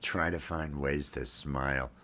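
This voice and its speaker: This livestream host is a man in his fifties, drinking coffee at home as he streams. He has a bright, forceful bass voice with fairly even intonation and a measured pace, yet his talk rambles, packed with fillers and restarts.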